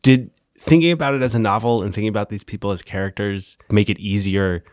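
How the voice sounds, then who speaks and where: A man's voice: lowish voice, fairly even intonation, fast, no room sound, clean studio sound. A man hosting an interview, asking questions casually with lots of "like" fillers. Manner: casual, uses many "like" fillers. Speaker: interviewer, host. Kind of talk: conversational interview.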